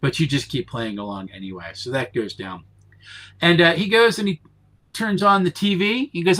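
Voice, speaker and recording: A man's voice: fairly high pitch, moderate pace, fairly bright tone. A man from Pennsylvania running a tabletop game as game master, talking casually with lots of fillers and self-corrections.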